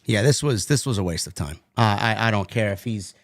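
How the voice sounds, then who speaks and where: A man's voice: fairly low pitch, animated, fairly quick, dry recording, studio quality. A man hosting a wrestling review show, talking bluntly and with exasperation, swearing freely. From New York. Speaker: podcast host. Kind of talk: casual wrestling review chat.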